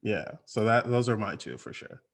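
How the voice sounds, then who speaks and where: A man's voice: fairly low pitch, big pitch swings, moderate pace, gravelly. A man talking as a comic writer on a panel, enthusiastic and rambling with lots of fillers, over a video call. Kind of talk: casual panel chat.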